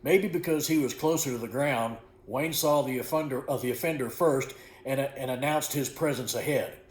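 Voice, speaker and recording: A man reading aloud from a book he wrote, in an unhurried, folksy way, correcting small slips as he goes. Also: mid-range voice. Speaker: author reading his own book. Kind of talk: storybook narration. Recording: echoey room.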